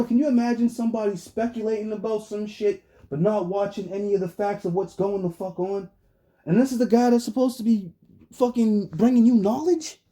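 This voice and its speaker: A man streaming, giving profane casual commentary full of slang and frequent laughter. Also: high-pitched. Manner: animated, swears constantly, laughs often, slangy. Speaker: streamer reacting to a trial.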